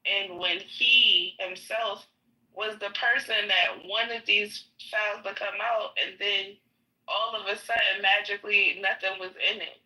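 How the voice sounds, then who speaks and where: A woman's voice: mid-range voice, steady tone, a little slow, pushed and bright, distant mic, rough recording. A woman rambling through her view in a political discussion, often trailing off.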